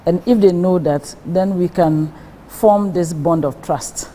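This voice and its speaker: A woman who is a guest on a TV talk show, explaining her views in a measured way. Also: lowish voice, mellow, poor audio. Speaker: guest speaker.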